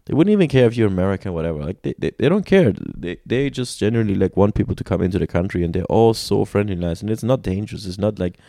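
A man recounts his travels in relaxed conversation. His voice sits very low with a dark, mellow tone. He talks animatedly, restarts often and laughs a lot, and the recording is dry and close. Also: fast, vocal fry, hardly any pauses, no room sound. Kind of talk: casual conversation.

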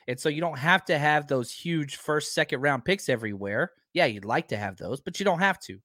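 Hoarse, emphatic man hosting a podcast. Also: fairly high pitch, fairly quick, no echo, clean studio sound. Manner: animated, emphatic, argumentative. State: slightly hoarse from talking. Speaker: podcast host. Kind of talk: casual sports podcast talk.

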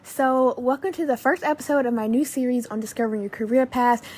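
A woman hosts her own podcast, talking to her listeners in an upbeat, gushing way. Her voice sits a little high and has a soft, breathy edge. She peppers her talk with casual fillers like "like" and "literally.". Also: a little fast. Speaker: podcast host. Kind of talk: solo podcast chat.

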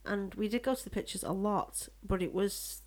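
A woman's voice: mid-range voice, moderate pace. A middle-aged woman co-hosting a casual podcast, easygoing and teasing. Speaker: podcast co-host. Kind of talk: casual chat.

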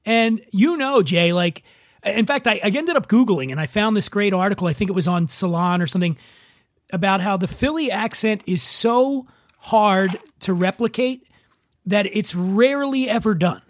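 A man's voice: high-pitched, animated, moderate pace, no echo, clean studio sound. A man with a Philadelphia accent hosting a podcast, chatting casually with a guest over drinks. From Philadelphia, USA. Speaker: podcast host. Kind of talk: casual chat.

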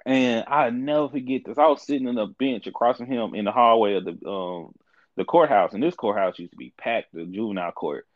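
A man in his twenties in a casual podcast chat, telling a story with lively delivery and acting out the people he quotes. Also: mid-range voice, fairly quick, no room sound, lo-fi sound. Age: 20s. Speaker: podcast co-host.

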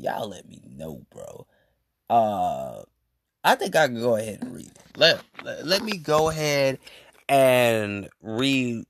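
A man's voice: on the low side, no echo, clean studio sound. A man hosting a podcast, telling a story to his listeners in a rambling, slang-filled casual monologue. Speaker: podcast host.

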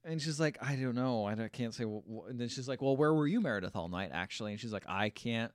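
A man's voice: mid-range voice, fast talker, no room sound, studio quality. A man casually recapping a film on a podcast, acting out the characters' lines with swearing and mock voices. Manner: animated storytelling, acts out lines with mocking quotes, swears. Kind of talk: casual chat.

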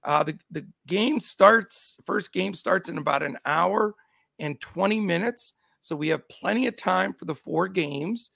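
The host, a middle-aged man, is upbeat while welcoming his chat and calling out names on a casual sports betting show. His scratchy, creaky voice sits high and runs a little slow, captured in clean studio sound without echo.

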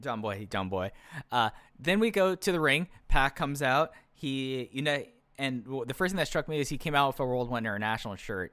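Bright, clear-voiced chatty man. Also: mid-range voice, dry recording. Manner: chatty and opinionated, with frequent restarts and laughs. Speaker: podcast co-host. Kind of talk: casual chat reviewing a wrestling show.

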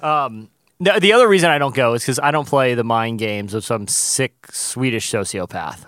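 A man's voice: medium pitch, lively intonation, moderate pace, a bit bright, no echo. A man co-hosting a podcast, rambling and self-mocking through casual studio banter, often laughing. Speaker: podcast co-host. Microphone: studio mic.

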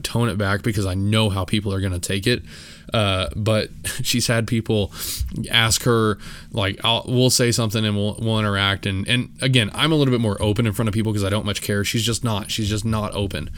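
A man's voice: lowish voice, fairly bright tone. A young man talking casually on his solo podcast, rambling with many fillers and restarts, and poking fun at himself. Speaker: podcast host.

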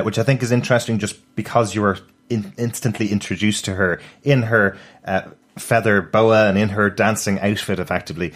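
A man co-hosting a podcast, chatting briskly about a TV episode and chuckling now and then. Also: lowish voice. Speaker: podcast co-host.

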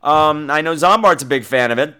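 A man's voice: a little high, a little fast, sharp tone, clean tone. A man hosting a podcast, ranting in a comic, profane way and acting out quotes in exaggerated voices, with a New York accent. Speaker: podcast host. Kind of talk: comedic podcast rant.

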